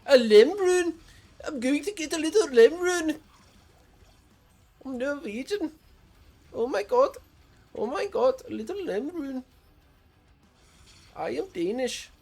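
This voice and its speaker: A man voicing a fussy, high-pitched male shopkeeper who mocks how other people pronounce words. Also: sing-song, slow, long pauses, darkish tone, soft background music, full character voice. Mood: mocking. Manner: prissy, mocking, sing-song.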